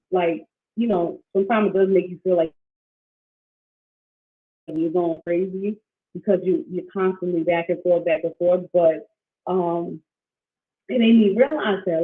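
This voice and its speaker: A woman hosting a casual livestream as a coach, talking in a rambling, animated way with many restarts and fillers, reading out viewer comments. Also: medium pitch, measured pace. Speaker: financial wellness coach, livestream host. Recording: tinny phone-like sound.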